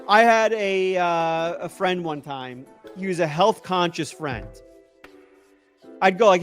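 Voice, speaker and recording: An excitable man talks loosely in a casual livestream, rambling, breaking off and picking his thought up again. His voice sits a little high for a man. Faint music plays underneath. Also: slow. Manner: rambling and excitable, trailing off and restarting. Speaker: tech YouTuber answering live chat.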